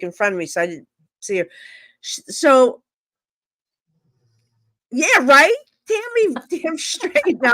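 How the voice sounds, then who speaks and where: Her voice mid-range and free of echo, a woman psychic medium shares stories on a live stream video call. She's casual, blunt and lively, voicing both parties in every exchange.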